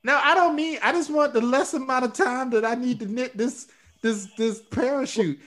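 Brash high-voiced improv comedian woman. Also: normal speed.

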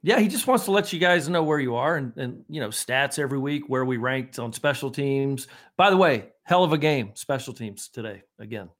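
A man's voice: mid-range voice, lively intonation, normal speed, few pauses. A man who is a former player, talking on a sports podcast panel in an enthusiastic, emphatic way.

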